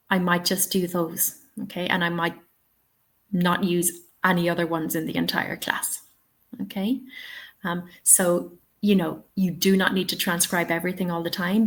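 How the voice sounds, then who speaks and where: A woman's voice: on the low side, little pitch movement, measured pace. A woman running a teaching webinar, encouraging and checking in often with "okay?" and "yeah?". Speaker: TEFL trainer.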